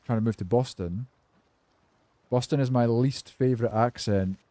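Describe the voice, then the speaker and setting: A game streamer with a warm, mellow, medium-pitched voice chats loosely with viewers at a moderate pace, swearing freely and answering their messages. He sounds laid-back and cynical, and the recording is dry and close with no room sound.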